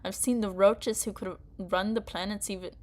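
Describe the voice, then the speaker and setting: A woman voicing a brooding male crew member in an attempted Scottish accent, reading game dialogue in earnest, measured lines. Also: medium pitch, fairly even intonation, close to an everyday voice. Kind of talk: game dialogue read aloud.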